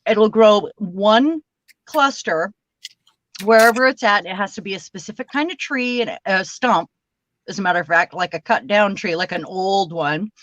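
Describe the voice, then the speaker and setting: A woman from Washington state hosts a card-making livestream, chatting and rambling casually as she crafts and laughing now and then. Her voice is medium in pitch at a moderate pace, recorded dry with the highs cut off.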